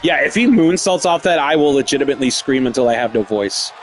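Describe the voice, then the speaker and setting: A man streaming live, calling a wrestling video game play by play. He yells, swears and laughs at the action. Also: mid-range voice, expressive, fast talker, a little hiss or hum. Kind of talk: excited live play-by-play commentary.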